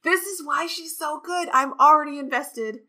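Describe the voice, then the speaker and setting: A woman co-hosting a podcast, recapping a book in casual chat with animated, gushing enthusiasm. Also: high voice, normal speed, crowd noise. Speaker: podcast co-host.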